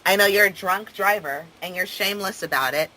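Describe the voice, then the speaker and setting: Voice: mid-range voice, a little fast, bright, forceful tone, rough recording. A caller taunting the other person in a heated phone argument, jeering in a sing-song, mocking way. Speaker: caller on a prank three-way call.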